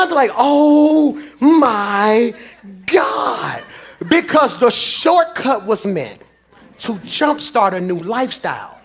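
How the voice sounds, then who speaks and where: High-voiced preacher man. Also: vocal fry. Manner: swings between shouted preaching and low confiding talk. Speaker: pastor. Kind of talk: sermon. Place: church before a congregation.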